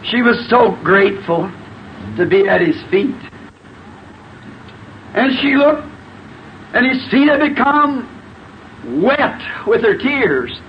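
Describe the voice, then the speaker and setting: Fervent male preacher, high voice, emphatic and shouting; dull, lo-fi old tape. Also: lively intonation, slow pace, pauses often, a little hiss or hum. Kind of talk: sermon. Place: church before a responding congregation.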